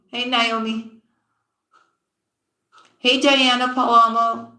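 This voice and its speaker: Unhurried and drawn-out, a woman reads tarot on a live stream, her tone bright and forceful. She affectionately calls viewers sweetheart and sis, and she often drops low and soft mid-thought, with an echoey, roomy sound around her.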